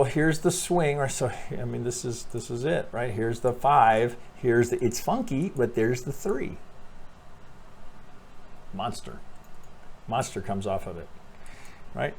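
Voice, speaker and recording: A man giving a casual chart walkthrough as a trading analyst, talking animatedly, swearing freely and thinking out loud with lots of restarts. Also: medium pitch, a little hiss or hum.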